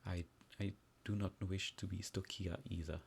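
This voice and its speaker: A man's voice: deep voice, flat delivery, normal speed, creaky, slight background noise. A man playing in a tabletop game, rambling and laughing as he describes his character. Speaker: player. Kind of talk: casual tabletop game chat.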